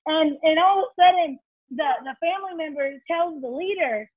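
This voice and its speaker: A woman's voice: extremely high pitch, a little fast, dry recording. A woman telling faith stories as a guest, acting out the quotes. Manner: animated storyteller, acts out quotes. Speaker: guest, children's ministry leader. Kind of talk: storytelling in a faith interview. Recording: tinny phone-like line.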